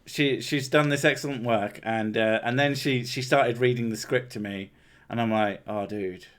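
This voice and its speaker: A man's voice: medium pitch, steady tone, normal speed, fairly bright tone. An English man hosting a livestream, chatting casually, swearing and joking with frequent laughs. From England. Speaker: livestream host. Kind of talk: casual chat.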